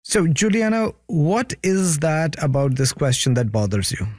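A man interviewing a guest, measured and attentive, often murmuring agreement. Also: on the high side, sing-song, darkish tone, no echo, clean studio sound. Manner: measured, attentive, frequent affirmations. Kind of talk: interview questions.

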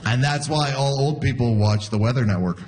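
A man's voice: medium pitch, fairly quick, heavy background noise. A man in his forties performing a stand-up comedy routine, telling stories and acting out the voices of the people in them. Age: 40s. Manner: animated storytelling that acts out quoted voices.

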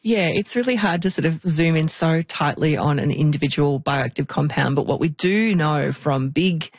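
A woman's voice: sits low, moderate pace, dry recording. Friendly woman podcast host, dry close sound. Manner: friendly, playful, asks and sums up. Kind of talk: conversational podcast interview.

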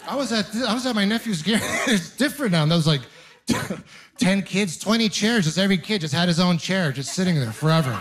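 Exasperated high-voiced stand-up comic. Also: male voice, expressive, fairly bright tone. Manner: exasperated, incredulous delivery with quick asides. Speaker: stand-up comedian. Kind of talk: stand-up comedy set.

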